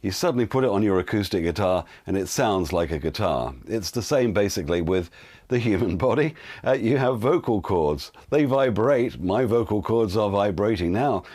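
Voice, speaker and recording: A man's voice: on the low side, darkish tone. An older man, a voiceover teacher, giving casual spoken tips with frequent fillers. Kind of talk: casual instructional talk.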